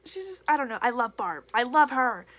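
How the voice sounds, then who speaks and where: A woman's voice: on the high side, sing-song, fairly quick, a bit bright. A young woman reviewing a book in a casual vlog, gushing and emotional, repeating herself with lots of fillers.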